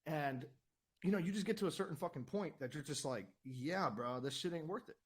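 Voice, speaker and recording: A man's voice: a little high, animated, a little fast. A man ranting heatedly on his own channel, swearing often, repeating words and asking "right?" again and again. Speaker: channel host. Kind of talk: heated political rant.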